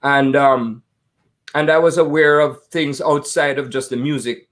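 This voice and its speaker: A man's voice: a little high, steady tone. Older Jamaican man with a raised voice. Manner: warm-humored, laughs often, drawn-out phrasing. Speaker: guest, jazz pianist. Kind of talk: storytelling in conversation.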